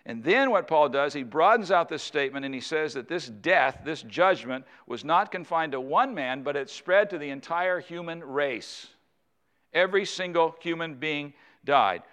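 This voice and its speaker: A man's voice: a little high, animated, moderate pace, a bit bright. A male pastor preaching a sermon in a conversational way, asking his congregation rhetorical questions.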